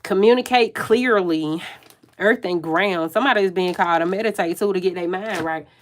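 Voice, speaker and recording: Loud, laughing tarot reader woman. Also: on the low side, normal speed. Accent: Southern US. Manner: profane, slangy, self-interrupting. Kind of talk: live tarot reading.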